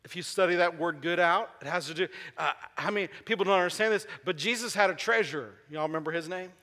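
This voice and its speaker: In a big church sanctuary with long, ringing reverb, a male pastor delivers his sermon at a fast clip in a high, bright voice. He frequently asks the congregation questions and pauses for replies, driving ideas home by saying short phrases over and over.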